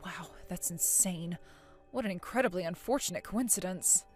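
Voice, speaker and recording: A woman voicing a calm, weary middle-aged mother in a storybook tale, patient and level-headed, with faint music behind. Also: on the low side, moderate pace, lightly acted. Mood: dismayed.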